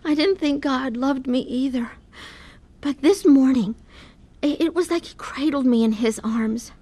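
A weary, pain-worn wife. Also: female voice, high-pitched, unhurried, warm tone. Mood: tearful. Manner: earnest, emotional. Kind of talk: radio drama acting.

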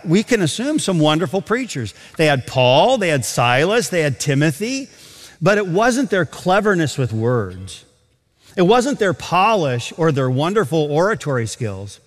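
A man preaching an expository sermon to a large auditorium. His voice sits a bit high and moves through a wide, animated range as he stresses scripture lines. A long reverb trails behind his words in the hall.

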